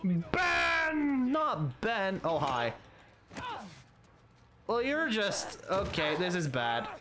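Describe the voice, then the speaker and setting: A let's play gamer commentates casually while playing, swearing, sounding exasperated and taunting the enemies on screen. His high voice swoops wildly in pitch at a slow pace, with a noisy background behind him.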